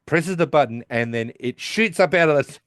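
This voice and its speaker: Fairly high-pitched and expressive, a man speaks at normal speed while co-hosting a podcast, casually recapping a TV episode and performing characters' lines with restarts and asides. The sound is clean studio audio with no room sound.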